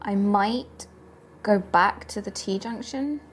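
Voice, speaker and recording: A woman's voice: mid-range voice, takes it slowly, slight background noise. Hesitant woman player at a game table. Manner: hesitant, laughs easily. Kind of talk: casual tabletop play.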